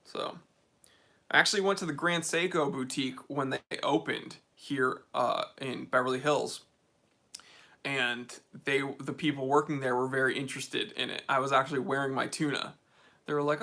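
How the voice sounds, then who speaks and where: A man's voice: medium pitch, steady tone, moderate pace, gravelly, pushed and bright. An American man hosting a casual livestream Q&A from a home game room, reading and answering viewer comments. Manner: laid-back, reads viewer comments aloud. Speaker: host of a watch channel livestream Q&A.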